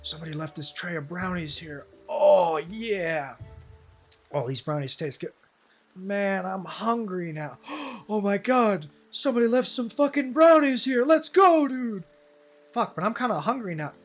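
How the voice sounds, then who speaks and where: A man's voice: high voice, measured pace, breathy edge, soft background music. A man voicing a stoned young man hunting for brownies, gasping and overexcited. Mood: munchie-crazed.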